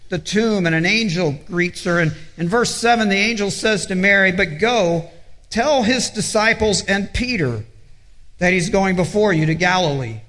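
A male pastor preaching an earnest sermon, with halting repetitions, dropping low and soft when he quotes scripture. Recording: echoey hall.

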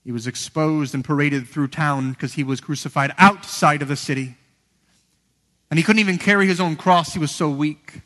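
An earnest man delivering a sermon, his somewhat high voice swelling to emphatic peaks and falling to near-whispers. The sound carries a long reverb, as in a big hall. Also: moderate pace. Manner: earnest, building to emphatic peaks and dropping to hushed lows. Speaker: preacher.

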